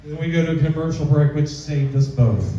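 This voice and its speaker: A man with a fairly high voice performs stand-up at a slow, unhurried pace. He is picked up from a distance in a very echoey club, with faint room noise behind him. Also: fairly even intonation, warm tone, muffled recording. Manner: slow, drawn-out delivery with squealing voices for the girls. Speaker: stand-up comedian. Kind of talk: live stand-up set. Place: small comedy club stage.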